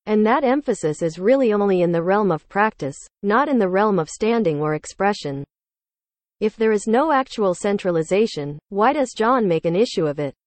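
A woman reading a written church rebuttal aloud in a measured, formal way. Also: mid-range voice, no room sound. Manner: measured, formal, even delivery.

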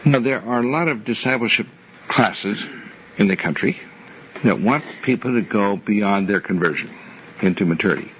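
A man's voice: on the low side, expressive, a bit bright. Older man teaching a Bible class. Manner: measured, repeats key phrases for emphasis. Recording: muffled lo-fi recording with faint hiss.

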